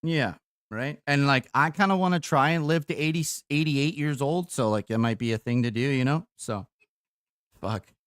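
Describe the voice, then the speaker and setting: A man's voice: medium pitch, normal speed, a bit bright, dry recording, studio quality. A tired young man streaming live, chatting casually on a call with his grandmother, swearing often and laughing easily.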